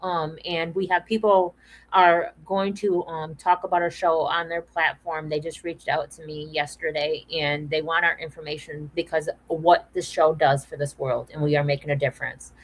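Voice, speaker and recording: A woman's voice: sits low, little pitch movement, moderate pace, rough recording. A woman hosting a discussion, talking earnestly and repeating phrases for emphasis. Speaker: podcast host. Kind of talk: earnest awareness talk.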